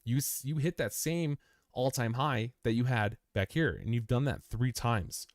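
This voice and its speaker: Speaking a little slowly in a mid-range voice, a young man analyzes crypto price charts on a live stream recorded in studio quality with no echo. He chats loosely, repeats phrases, talks to the chart as "you" and uses "man", "dude" and "bro".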